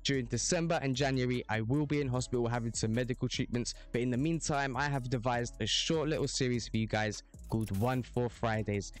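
A young man hosting a reaction video, chatting casually with slangy banter and swearing. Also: mid-range voice.

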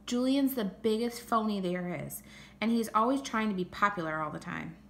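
A woman's voice: mid-range voice, normal speed, creaky, fairly bright tone, slight background noise, voice pushed up. A woman voicing a blunt, exasperated middle-school boy in a storybook reading. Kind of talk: audiobook character reading.

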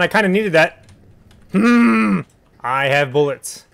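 A man commenting on a horror game during a livestream, cracking deadpan jokes and yelping at sudden scares. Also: sits high, normal speed, creaky, slight background noise. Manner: joking, deadpan asides, sudden yelps at scares. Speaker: game streamer. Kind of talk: live horror gameplay commentary.

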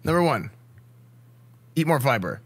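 A man's voice: medium pitch, sing-song, a little slow, a little hiss or hum. A man streaming, chatting casually in a boastful, joking, rambling way with lots of fillers. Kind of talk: casual chat.

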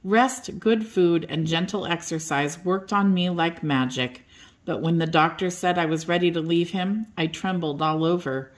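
An older woman reading a children's bedtime story aloud in a gentle, expressive way. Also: on the low side, normal speed.

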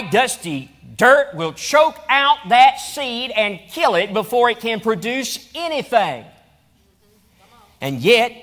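Emphatic high-voiced male pastor preaching. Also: a bit bright. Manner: preaching with rising emphatic repetition. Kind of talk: sermon. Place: church auditorium.

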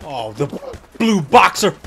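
A young man commentating his own gameplay, excitable, cursing and often yelling at the game. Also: fairly high pitch, slow pace, gravelly, a little hiss or hum. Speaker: gaming YouTuber. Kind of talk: excited let's-play commentary.

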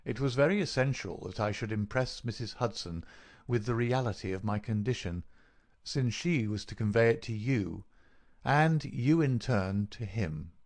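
A man voicing a clever, calm detective who explains his plans in a measured, dry way. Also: mid-range voice, close to an everyday voice. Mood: explaining.

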